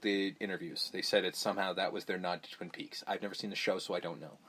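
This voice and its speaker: A man's voice: sits low, steady tone, quick pace, a crowd in the background. A man casually recapping a horror movie on a podcast, swearing freely and acting out the characters' lines. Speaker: podcast host.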